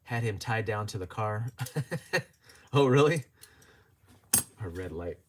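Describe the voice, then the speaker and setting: A man's voice: on the low side, animated, slow, slight background noise. Joking man hosting a livestream. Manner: chatty and joking, laughs often. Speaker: livestream host. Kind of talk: casual livestream chat, reading viewer comments.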